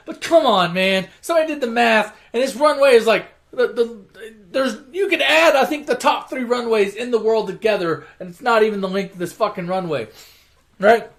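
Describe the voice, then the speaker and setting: A man's voice: very high-pitched, normal speed, fairly bright tone. A young man casually retelling an action movie plot in a rambling, profane way, mocking the characters as he goes. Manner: rambling, swears constantly, mocking voices for characters. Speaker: storyteller retelling movie plots.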